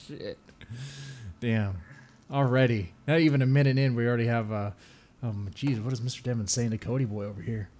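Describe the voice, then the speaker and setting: A man's voice: medium pitch, fairly even intonation, darkish tone. Male podcast host, casual and jokey, mid-range voice, prone to laughing asides. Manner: loose, jokey, laughs often, quick asides.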